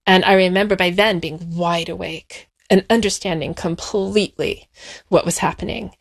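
A woman in an interview, telling a personal story from her childhood in a measured, reflective way and slowing down on the painful parts. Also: fairly low pitch, steady tone, creaky. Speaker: interview guest.

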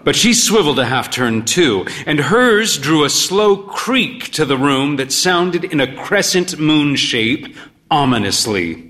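A man narrating a story as a world-weary pub owner, in a dry, unhurried way. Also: fairly high pitch, sing-song, bright, forceful tone. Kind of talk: storytelling reading.

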